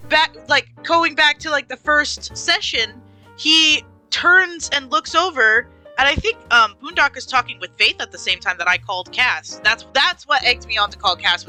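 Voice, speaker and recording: High, bright excitable woman. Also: normal speed, faint music behind, low-quality recording. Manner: excitable, reacts with exclamations, acts out character lines. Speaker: podcast co-host and player. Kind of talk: casual chat.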